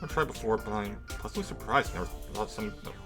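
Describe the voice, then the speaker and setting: Casting note: quick lowish male reader, animated, music underneath. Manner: brisk, wry reading with joking asides. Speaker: game playthrough reader. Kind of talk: reading game dialogue aloud. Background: game music.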